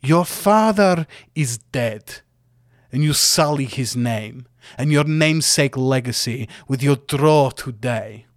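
A man's voice: medium pitch, expressive, takes it slowly, dry recording, clean studio sound. A man voicing an arrogant, boastful male villain wrestler who taunts with sneering, grandstanding speeches.

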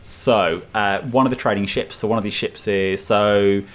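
Dm guy, lowish voice, rambly with lots of uh and like. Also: steady tone, normal speed, soft background music. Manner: loose, filler-heavy descriptions. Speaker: dungeon master. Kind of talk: narrating a tabletop game.

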